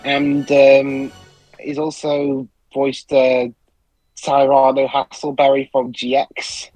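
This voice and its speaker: A man's voice: medium pitch, monotone, slow, darkish tone, no echo, faint music behind, poor audio. A man giving casual gaming commentary, dry and hesitant, with plenty of ums. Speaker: let's play commentator.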